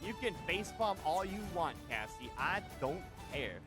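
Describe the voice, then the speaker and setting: Field: man. Role: animated game streamer. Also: a little high, normal speed. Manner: animated, laughs often, swears freely. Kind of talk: live gaming stream chat. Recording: game music in the background.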